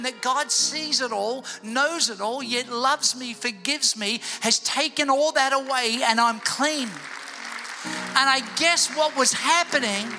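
High, bright-voiced male preacher. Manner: animated storytelling, drops to hushed tones for prayer. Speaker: pastor. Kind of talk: Easter sermon with personal testimony. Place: church building before a congregation.

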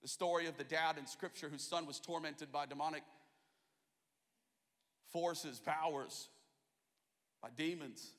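A man's voice: a little high, steady tone, a little slow, pauses often, a bit bright. A man in his thirties from Australia with an American accent, preaching an impassioned, rhythmic sermon in a large church. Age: 30s. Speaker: pastor. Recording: echoey large hall.

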